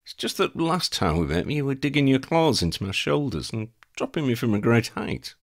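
A man reading a story aloud, voicing a brave young male wizard with a dry, deadpan wit. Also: mid-range voice, moderate pace, pitched above the performer's own voice. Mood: wry.

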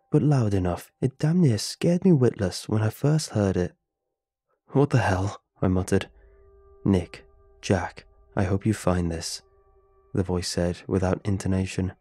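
A man narrating a horror story in a measured, somber, scripted delivery. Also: lowish voice, dark tone, breathy edge, dry recording.

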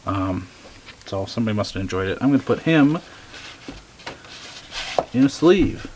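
A man chatting casually as he shows off his record finds, relaxed and eager, with many ums. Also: on the low side, normal speed, noisy background. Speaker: record collector showing finds. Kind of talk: casual show-and-tell vlog.

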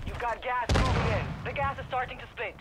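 An actor playing a male military dispatcher in a game who gives crisp, commanding battle orders over game audio. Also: very high-pitched, brisk. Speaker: in-game announcer. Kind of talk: scripted game voice lines. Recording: game audio with gunfire and crowd behind.

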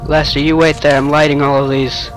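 A man's voice: a little high, little pitch movement, brisk, soft background music. A man giving casual, jokey commentary while playing a horror game, talking to himself and to an imaginary friend. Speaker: let's-play gamer.

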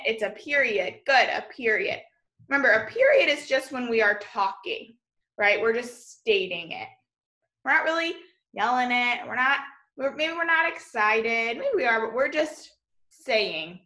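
A woman's voice: a little high, echoey room. A woman teacher leading a remote class lesson, spelling words out letter by letter and calling her students friends. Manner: warm encouraging teacher talk, addresses class as friends.

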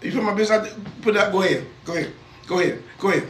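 Older man, defensive, repeats himself, high-pitched, faint hiss. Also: lively intonation, racing, echoey room. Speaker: uncle on a livestream. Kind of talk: casual livestream banter.

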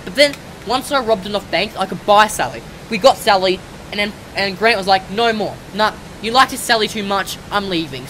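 A woman gamer giving casual let's-play commentary, chattering to game characters and breaking into excited shouts. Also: medium pitch, a little hiss or hum.

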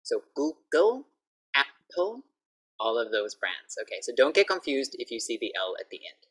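A woman teaching English pronunciation in an online lesson over a video call, patiently repeating each word clearly. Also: very deep voice, very animated, normal speed, a bit bright.

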